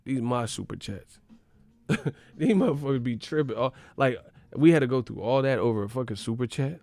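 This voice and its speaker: A man delivering a profane comedic rant, swinging between loud outbursts and hushed whispers. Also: medium pitch, lively intonation, moderate pace, vocal fry, dry recording, soft background music.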